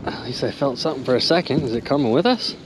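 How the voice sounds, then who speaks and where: A man hosting a magnet fishing vlog from a boat on a river, exclaiming excitedly and talking straight to his viewers. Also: mid-range voice, quick pace. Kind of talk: excited outdoor vlog narration. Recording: clear outdoor boat and water noise. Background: boat and water noise.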